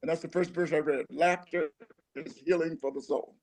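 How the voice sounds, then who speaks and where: An older man, a comedian, jokes and exaggerates in a casual chat. His voice sits high for a man, and he teases the host as he talks. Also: fairly even intonation, normal speed. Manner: joking, warm banter, exaggerated. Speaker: comedian guest.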